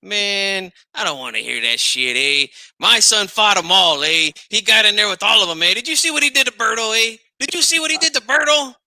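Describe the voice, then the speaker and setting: A brash, boastful older Chicano boxing dad, as a man puts him on, barking trash talk in a Chicano English accent. His voice sits high and gravelly, with a sharp, bright edge. The sound is close and dry. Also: a little fast, hardly any pauses, no echo, heavily acted. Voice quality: gravelly, tags nearly every line with "eh?" and "Holmes". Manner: indignant, trash-talking. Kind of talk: comedic impression on a boxing talk show.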